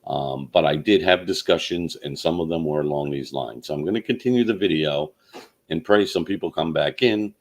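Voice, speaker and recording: Man with a very deep voice, halting. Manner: halting, many fillers and restarts. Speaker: channel host. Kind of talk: personal storytelling monologue.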